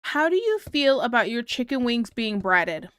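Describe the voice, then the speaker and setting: Chatty woman streamer, rambling and giggly, highish voice, dry close mic. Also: very animated, normal speed, fairly bright tone, clear, resonant tone, no room sound. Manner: rambling, giggly, many fillers. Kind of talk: casual chat reading viewer comments.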